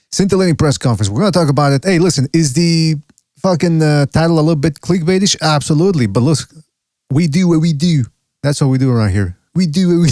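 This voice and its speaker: A man's voice: mid-range voice, a little mellow, dry recording, studio quality. A man hosting a live podcast in casual chat, rambling and often breaking off mid-sentence, swearing freely. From Canada. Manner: rambling, self-interrupting, profane. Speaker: podcast host.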